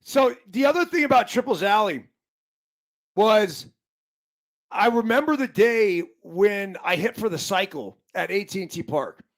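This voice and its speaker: A man's voice: high voice, expressive, unhurried. A former baseball player chatting casually on a podcast, rambling and swearing as he recalls games. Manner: rambling, profane, restarts a lot. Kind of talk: casual sports chat.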